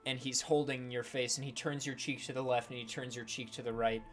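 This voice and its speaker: A man running a tabletop game, narrating in a loose, casual manner with plenty of fillers. His voice sits at a middle pitch, and faint music plays underneath. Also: steady tone, a little fast, a bit bright. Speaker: game master.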